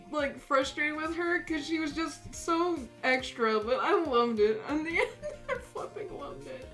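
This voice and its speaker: A young woman streamer with a voice that sits high speaks unhurriedly, casually telling a funny story while she draws. She's giggly and animated, laughing often as she talks, with faint music playing in the background.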